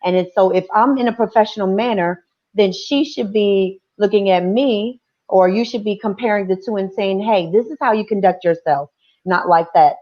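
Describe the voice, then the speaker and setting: A woman in her forties on a discussion panel, telling stories in an animated way and acting out other people's lines. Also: mid-range voice, normal speed, lo-fi sound. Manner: animated storytelling with quoted voices.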